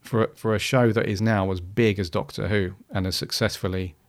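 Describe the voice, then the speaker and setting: A man's voice: lowish voice, steady tone, brisk. A man hosting a podcast, talking casually and rambling with many restarts and fillers. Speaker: podcast host.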